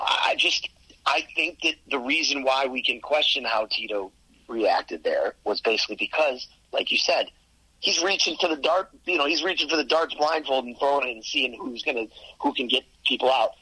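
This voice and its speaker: A man co-hosting a sports podcast in casual chat, analytical and quick to correct details, with a husky voice. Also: medium pitch, lively intonation, bright, forceful tone, no echo, rough recording. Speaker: podcast co-host.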